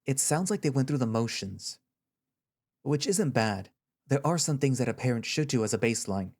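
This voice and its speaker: A man voicing a gentle, patient therapist. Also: mid-range voice, expressive, normal speed. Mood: earnest. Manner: soft, reassuring, patient. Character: gentle, caring male therapist. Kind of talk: audio story reading.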